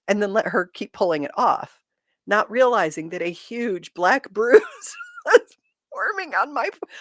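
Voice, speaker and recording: A woman's voice: medium pitch, no room sound, studio quality. A woman in her fifties from Michigan, hosting a casual livestream, reading viewer comments and telling childhood stories, laughing often. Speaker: livestream host reading chat. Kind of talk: casual chat.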